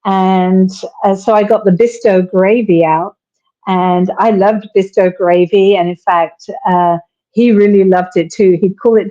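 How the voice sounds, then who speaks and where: A woman from Britain speaks as an interview guest, warmly reminiscing and telling stories. Her voice sounds mellow and soft-edged. The audio is a little muffled, as over a call. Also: mid-range voice, fairly even intonation, measured pace. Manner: reminiscing, storytelling with quoted lines. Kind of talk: conversational interview.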